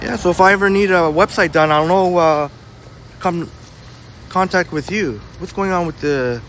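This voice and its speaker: A man's voice: high voice, normal speed, fairly bright tone. A blunt, self-described hothead man chatting with viewers while live-streaming a walk on a city sidewalk. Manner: chatty, reads out and answers chat. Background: faint street traffic.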